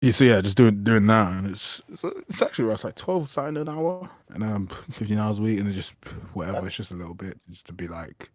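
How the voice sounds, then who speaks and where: A man's voice: lowish voice, fairly quick, hardly any pauses, no echo. A young man, a game developer chatting casually on a stream, rambling and swearing as he tells stories. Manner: rambling, swearing, animated retelling. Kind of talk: casual chat.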